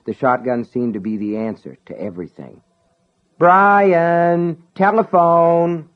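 A man narrating an audiobook in a measured, dramatic way. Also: fairly low pitch, lively intonation. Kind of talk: scripted narration. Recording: dull lo-fi recording.

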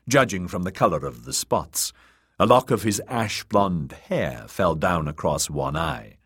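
A man narrates a fantasy novel in a deep, husky voice. He reads slowly, with a lively, rising and falling delivery. The recording is close and dry. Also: no echo. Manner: measured, expressive storytelling. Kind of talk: audiobook narration.

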